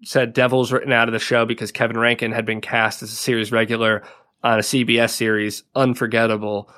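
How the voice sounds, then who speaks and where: A man of ordinary, mid-range pitch talks through a TV episode on a casual podcast. He is chatty and loose, peppering his recap with "like" and breaking into laughter now and then. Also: flat delivery, fast, pushed and bright. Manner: chatty, laughs often, leans on "like" a lot. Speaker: podcast co-host.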